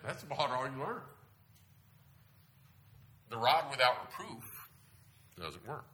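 Middle-aged male preacher, lively delivery, bright voice, echoey church hall. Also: mid-range voice, slow pace, pauses often. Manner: animated storytelling with sudden loud bursts. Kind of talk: sermon. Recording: echoey room.

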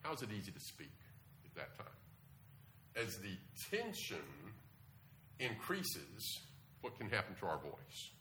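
A man delivering a sermon in an animated way, his pitch leaping high for emphasis. His voice is sharp and bright with a forceful edge. A faint hiss runs under the recording. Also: a little slow, pauses often. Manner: lively, animated delivery with sudden jumps in pitch. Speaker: preacher.

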